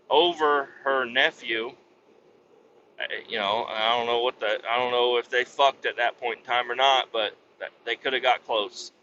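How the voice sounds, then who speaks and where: A man's voice: mid-range voice, bright, forceful tone, dull audio, a little hiss or hum. A man hosting a podcast who tells a story in a casual comic way, rambling, sarcastic and full of swearing. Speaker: podcast host.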